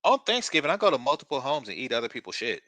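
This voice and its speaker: A man's voice: mid-range voice, sing-song, very fast, fairly bright tone, dry recording. A man hosting a reaction commentary channel, talking in a blunt, crude and mocking way.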